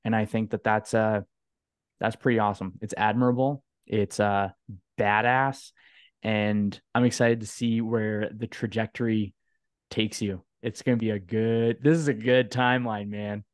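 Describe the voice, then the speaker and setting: Male podcast host, casual and upbeat with slang, low voice, dry sound. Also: flat delivery, measured pace, no room sound. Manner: upbeat, slangy, hypes up the guest. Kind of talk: casual interview chat.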